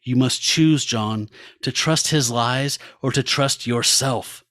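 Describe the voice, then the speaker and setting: A man's voice: mid-range voice, slow pace, a bit bright, no echo. Man reading earnest rebel ally, urging, comic-book lines, dry close mic. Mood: urgent.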